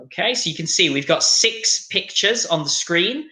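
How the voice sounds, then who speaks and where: A man teaching an online English lesson, upbeat and encouraging, slowing down to model each word's pronunciation. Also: high voice, lively intonation, bright, forceful tone. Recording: echoey room sound.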